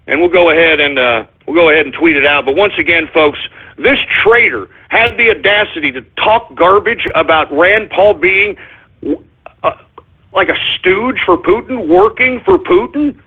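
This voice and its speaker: A man hosting a political talk radio show, ranting angrily with profanity, shouting in bursts and calling his listeners folks. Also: high-pitched, moderate pace, breathy edge. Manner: addresses listeners as folks and gives orders to the engineer. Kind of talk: angry political call-in radio rant. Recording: tinny phone-like lo-fi audio.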